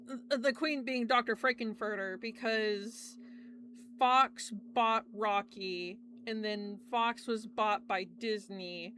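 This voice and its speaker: A young woman streamer telling stories in a casual chat, animated, swearing often and laughing between lines. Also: fairly high pitch, slight background noise.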